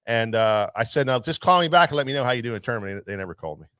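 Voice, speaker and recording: A man's voice: mid-range voice, very fast, clear, resonant tone, no echo. Rambling storytelling man, dry sound. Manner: rambling, animated storyteller with many restarts. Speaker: tackle shop owner, show host. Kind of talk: casual storytelling chat.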